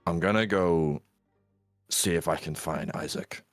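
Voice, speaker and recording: A callous village father, as the game master puts him on speaks in a low, blunt voice. His tone is cold and dismissive, recorded close and dry. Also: unhurried, fairly bright tone, clear, resonant tone, no room sound, soft background music.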